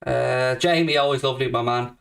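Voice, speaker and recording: A man's voice: mid-range voice, fairly even intonation, brisk, gravelly, fairly bright tone, recorded from a distance. A young Irish man hosting a live stream, reading out viewer comments and answering with brash, profane banter. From Ireland. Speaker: host.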